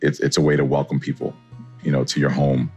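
A man's voice: very deep voice, monotone, brisk, darkish tone, dull audio, faint music behind. A man, a chef, giving chatty and enthusiastic answers in an interview. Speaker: chef and guest.

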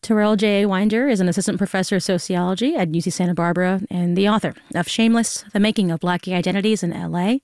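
A chatty, playful woman hosting morning radio, quick to laugh between lines. Her mid-pitched voice sits close and dry on a studio microphone. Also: a little mellow, no room sound. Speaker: radio morning news host. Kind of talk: broadcast interview and casual on-air banter.

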